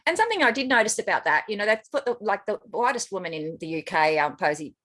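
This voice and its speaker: A woman's voice: medium pitch, big pitch swings, fast, fairly bright tone. An Australian woman co-hosting a podcast in casual chat, with chatty, self-mocking asides. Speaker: podcast co-host.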